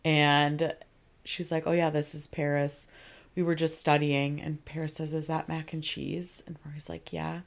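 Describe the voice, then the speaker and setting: A woman's voice: deep voice, little pitch movement, gravelly. Chatty young woman recapping a show. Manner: retells scenes in quick quoted asides, laughs often. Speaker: podcast co-host. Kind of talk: casual chat recapping a TV episode.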